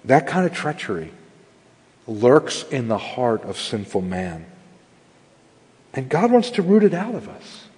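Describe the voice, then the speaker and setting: A man's voice: medium pitch, big pitch swings, unhurried, pauses often, a little mellow, husky, long reverb tail. A man preaching a sermon as pastor, earnest and building to emphatic stress.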